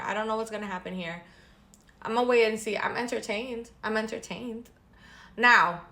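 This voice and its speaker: A woman talking casually and gossipily as a vlogger, animated and repeating phrases for emphasis, with sarcastic asides. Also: medium pitch. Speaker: wrestling recap vlogger. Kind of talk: casual chat.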